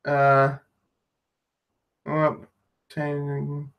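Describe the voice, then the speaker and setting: Chatty young British man, higher voice. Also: completely flat delivery, very slow, gravelly, highs cut off. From England. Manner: rambling, laughs often, many restarts. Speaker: YouTube livestream host. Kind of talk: casual live-stream chat.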